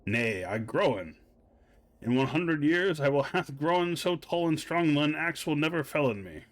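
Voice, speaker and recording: A man's voice: on the high side, lively intonation, moderate pace, close to an everyday voice. A man voicing a proud talking tree in a video game, speaking in archaic old-fashioned phrasing. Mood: defiant.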